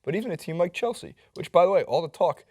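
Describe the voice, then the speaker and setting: A man's voice: high voice, animated, quick pace, darkish tone. A man co-hosting a casual sports talk show, laid-back and wry.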